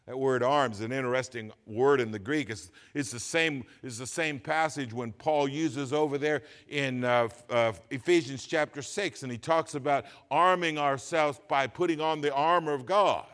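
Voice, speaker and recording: A man preaching a sermon as pastor, reading scripture slowly and swinging between loud emphatic lines and quiet asides. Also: mid-range voice. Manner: reads scripture slowly with stress.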